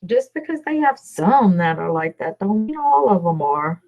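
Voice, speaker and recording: A woman's voice: mid-range voice, sing-song, moderate pace, narrow, tinny audio, soft background music. A woman from Louisiana with a Southern accent, chatting casually with viewers on a livestream, rambling and reading out their names. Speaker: livestream host.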